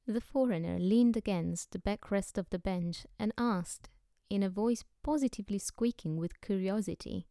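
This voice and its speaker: A woman narrates a novel at a steady, even pace. Her voice is smooth and clear, at a middle pitch for a woman. The recording sounds close and dry, with no room around it. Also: moderate pace, no room sound. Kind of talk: audiobook narration.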